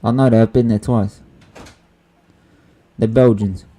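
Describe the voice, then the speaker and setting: A man's voice: lowish voice, takes it slowly. A young man, hosting a casual live football watchalong, swearing freely and calling his friend "bruv". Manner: excitable, swears freely, says "bruv" a lot. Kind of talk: casual live match reaction chat.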